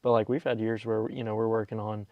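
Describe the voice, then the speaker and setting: A man's voice: fairly low pitch, level tone, fast, dry recording, phone-quality sound. Easygoing male podcast host. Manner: brief affirmations, easygoing. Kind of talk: casual interview chat.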